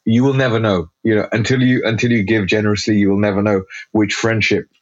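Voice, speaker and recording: A man chatting as a guest on a podcast, animated and talkative, with lots of fillers and restarts. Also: on the low side, fast talker, no echo, lo-fi sound. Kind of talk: casual podcast chat.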